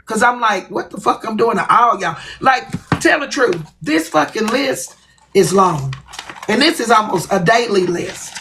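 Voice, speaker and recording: A woman's voice: fairly high pitch, lively intonation, measured pace, noisy background. A woman hosting a livestream, talking bluntly and profanely to her viewers in a confrontational rant. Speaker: livestream host.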